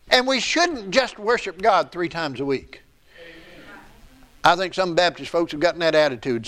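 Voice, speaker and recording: High-voiced preaching man. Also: lively intonation, normal speed, a bit bright. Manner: conversational preaching, rises and drops in pitch for emphasis. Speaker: pastor. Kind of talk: sermon.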